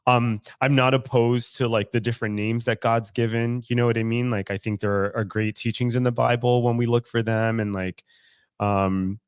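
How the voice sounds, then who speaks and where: A man's voice: mid-range voice, steady tone, moderate pace, clear, resonant tone, dry recording, studio quality. A man co-hosting a casual podcast, talking candidly about his faith, often laughing and swearing freely. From San Francisco Bay Area. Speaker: podcast co-host. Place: studio room.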